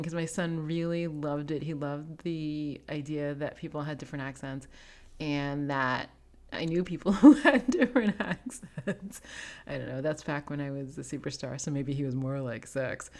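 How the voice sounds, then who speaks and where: A woman's voice: low voice, a little mellow. A woman hosting a podcast, chatting casually with many fillers and frequent laughs. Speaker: podcast host. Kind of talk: casual interview chat.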